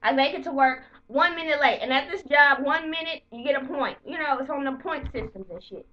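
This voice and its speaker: A woman vlogger telling the story of her bad day to camera in a heated, profane, animated way. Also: high-pitched, a little fast, far from the mic, highs cut off. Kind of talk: casual storytelling rant to camera.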